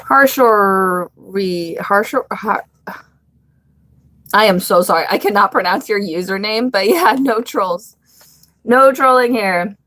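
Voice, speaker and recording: A woman's voice: medium pitch, normal speed, fairly bright tone. A young woman hosting a casual live stream, chatting bluntly with viewers, swearing freely and laughing often.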